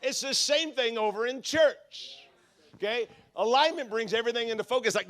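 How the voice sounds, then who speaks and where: A man's voice: extremely high pitch, moderate pace, a bit bright. A middle-aged man from Southern California, a guest pastor preaching at a conference, telling funny stories with lots of restarts and asides. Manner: humorous, self-deprecating storyteller with frequent restarts. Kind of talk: conference sermon with storytelling.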